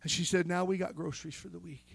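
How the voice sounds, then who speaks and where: A man's voice: sits high, steady tone, quick pace, vocal fry, slightly rough. A man preaching a sermon with fervor, breaking in with calls of amen and restarting his sentences as he tells a story. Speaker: pastor.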